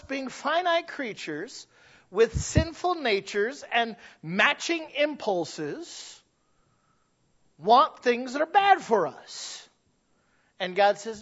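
A pastor preaches in a high-pitched voice, moving between easy conversation and emphatic points. He often restarts his sentences. The recording sounds dull and lo-fi. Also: sing-song, slow pace, a bit bright. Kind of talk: sermon.

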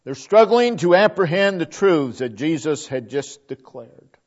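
A man preaching a sermon, building to emphatic peaks and then letting his line endings fall to a hush. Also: fairly high pitch, expressive, a little slow, highs cut off.

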